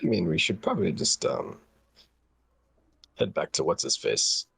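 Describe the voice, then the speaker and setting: A man joking dryly as a player at a tabletop game. His voice is very low, husky and gravelly. The sound is close and dry. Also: sing-song, unhurried, fairly bright tone, no room sound. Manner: dry and sarcastic. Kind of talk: casual chat at a tabletop game.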